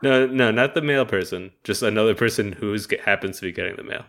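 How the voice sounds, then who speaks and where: A man's voice: fairly low pitch, fast, gravelly, a bit bright. A man improvising a comedy bit with friends, swearing freely and acting out scenes.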